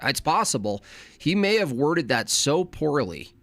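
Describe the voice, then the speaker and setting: A man's voice: fairly high pitch, very animated, a little slow, fairly bright tone, no room sound, faint music behind. A man reacting to a clip, ranting with sarcastic questions. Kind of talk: casual reaction commentary.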